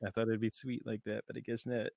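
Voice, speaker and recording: A man's voice: on the low side, quick pace, gravelly, no echo, clean studio sound. A man playing a tabletop game, chatting casually and joking about his dice rolls. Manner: jokey and animated. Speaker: player.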